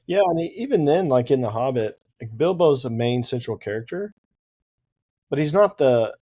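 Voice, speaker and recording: A man's voice: mid-range voice, lively intonation, moderate pace, dark tone. A man co-hosting a podcast, talking animatedly about books and laughing easily. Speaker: podcast co-host. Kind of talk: casual book discussion.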